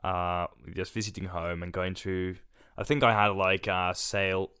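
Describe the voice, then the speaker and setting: A young man co-hosting a casual podcast chat, speaking in a slightly low voice. He jokes, giggles often and trails off into restarts. The sound is dry and close to the mic. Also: flat delivery, normal speed, sharp tone, clear, resonant tone, no echo. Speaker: podcast co-host.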